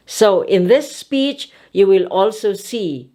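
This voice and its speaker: A woman speech coach delivers a teaching lecture very slowly, her pitch animated and her delivery emphatic. She speaks deliberately and demonstrates intonation as she goes.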